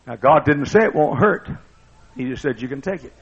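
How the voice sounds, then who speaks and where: Gravelly preacher man, lo-fi recording. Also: lively intonation, fairly quick. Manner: dramatic preaching, booming one moment and hushed the next. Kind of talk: sermon. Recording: dull lo-fi sermon recording.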